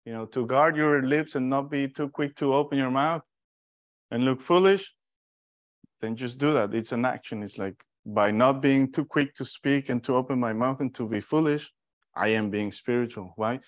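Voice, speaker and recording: A man from Mexico teaching an informal Bible study, telling stories in a lively, animated way with restarts. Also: mid-range voice, moderate pace, no room sound.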